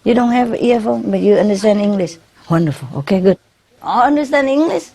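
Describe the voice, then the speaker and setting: Speaking brisk English as a second language, this woman spiritual teacher chats informally with her followers, laughing a lot and tacking "yeah?" onto her phrases amid frequent fillers, restarts, and non-native grammar. Her medium-pitched voice has lively intonation, vocal fry, and a dark tone.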